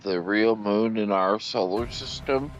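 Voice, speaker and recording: A man's voice: fairly low pitch, unhurried, soft background music. A man chatting casually on a gaming stream, giving long rambling explanations with frequent restarts. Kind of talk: casual chat.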